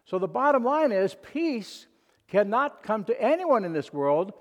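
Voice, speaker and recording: Guy preaching a sermon, kinda high voice, lots of restarts and punchy lines, church hall echo. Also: big pitch swings, unhurried, dull audio. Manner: emphatic, repeats and restarts words, quotes scripture dramatically. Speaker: pastor.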